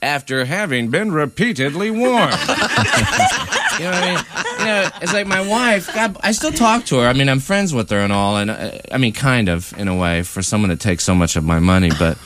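A man doing a rambling, self-mocking stand-up bit on a radio show, slipping into quick mimicked voices. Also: mid-range voice, sing-song, fairly bright tone, a little hiss or hum. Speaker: stand-up comedian. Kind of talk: stand-up comedy set.

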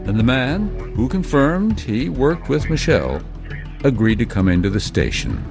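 A man reading a scripted true-crime narration in a measured way, with dramatic pauses. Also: medium pitch, sing-song. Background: music.

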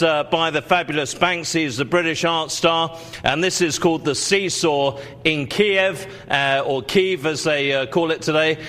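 Salesy male TV auction host. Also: fairly high pitch. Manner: salesy, many fillers, repeats "ladies and gentlemen". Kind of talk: live TV auction presenting.

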